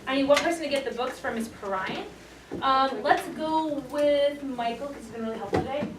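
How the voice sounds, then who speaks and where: A woman's voice: high voice, a little fast, a loud crowd. A woman teaching a class, upbeat and encouraging, playfully hyping the lesson. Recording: echoey room, mic far off, noisy.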